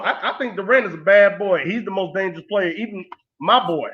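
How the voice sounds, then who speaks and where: A man's voice: sits high, fairly quick, phone-quality sound. A man as a guest on a casual sports talk show, playful, confident and emphatic.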